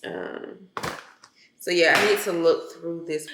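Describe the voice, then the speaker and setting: A young vlogger who has just gotten up speaks slowly in a lowish voice, cooking and opening packages in her kitchen as she chats with viewers. The sound is reverberant with a noisy background, and her talk is loose and casual, full of "y'all" and "girl."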